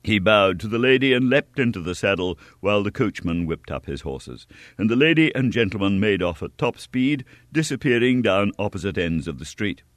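A man giving a lively, expressive scripted audiobook narration of an adventure story. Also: fairly low pitch, moderate pace, no echo.

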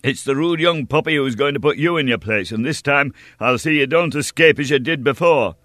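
A man voicing a hot-headed young male swordsman who shouts with fiery defiance in an audiobook story. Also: medium pitch, normal speed, dry recording, clean studio sound, pitched above the performer's own voice, lightly acted. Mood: defiant.

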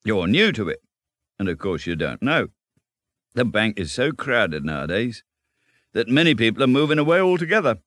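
A man reading a storybook, voicing a cheerful, self-assured male water rat who talks briskly and chattily. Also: on the low side, sing-song, a bit bright, dry recording, pitched above the performer's own voice. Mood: knowing. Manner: brisk, chatty, lightly laughing.

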